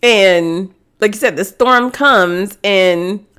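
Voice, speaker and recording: A woman's voice: mid-range voice, takes it slowly, fairly bright tone, clear, resonant tone. A woman co-hosting a podcast in casual chat, telling the story with lots of laughter. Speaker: podcast co-host.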